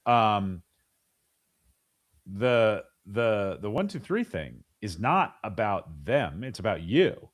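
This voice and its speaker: A man's voice: on the low side, sing-song, slow. A middle-aged man in a casual interview, talking animatedly with frequent restarts and acting out voices of parents and kids. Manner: frequent restarts and repeated words. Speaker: podcast guest.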